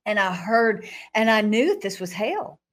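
A woman guest recounts her personal testimony in an animated, dramatic way. Her voice sits at a middle pitch. She plays out her own past thoughts with sudden jumps in pitch and laughs between phrases. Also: normal speed. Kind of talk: animated testimony storytelling in an interview.

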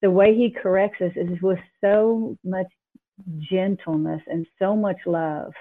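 A woman guest tells her faith testimony in a lively, emphatic rush, laughing now and then. Her mid-pitched voice comes through a thin, tinny phone line. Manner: animated storytelling, quick and emphatic, laughs. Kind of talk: personal testimony in interview.

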